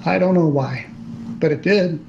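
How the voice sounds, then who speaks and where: Slightly high, a little slow, creaky, and a little mellow, an older man's voice carries a personal story told as a guest storyteller. He speaks plainly and earnestly, often restarting and relying on fillers, and the recording is slightly dull with faint noise.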